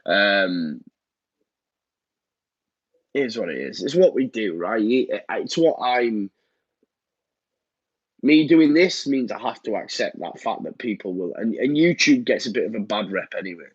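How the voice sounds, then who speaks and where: Casual live-stream host, thirties, husky and nasal from a cold, dull lo-fi mic. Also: male voice, lowish voice, lively intonation, a little slow, pauses often, dry recording. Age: 30s. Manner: rambling, frequent ums and repeats. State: blocked nose, downbeat. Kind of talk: casual live-stream chat reading comments. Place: home room.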